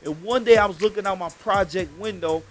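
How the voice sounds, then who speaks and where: A man tells a street story in loose, slangy, emphatic talk. His voice sits a little higher than most men's. Faint music plays under him. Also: brisk. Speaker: podcast host.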